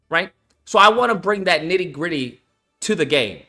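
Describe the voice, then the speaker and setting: A young man talks casually on his channel about the game he is making. His voice is high and bright, and it swings widely in pitch. He uses lots of slang, swearing and fillers, with faint music underneath. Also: animated, moderate pace. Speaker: game developer and channel host. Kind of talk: casual livestream chat.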